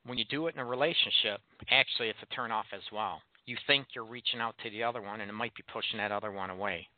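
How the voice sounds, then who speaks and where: A man's voice: on the low side, fast, no room sound. A man hosting a call-in relationship advice show, talking frankly and asking his listeners blunt rhetorical questions. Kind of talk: call-in radio talk show monologue. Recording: tinny phone-like sound, dry.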